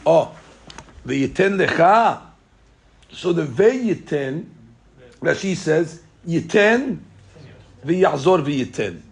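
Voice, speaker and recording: A rabbi teaching a Torah class in a high, gravelly voice. He is animated and joking, and breaks into little acted-out exchanges as he explains the text. He sounds lively and engaged throughout. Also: slow, long pauses. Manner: animated, joking, acting out dialogue.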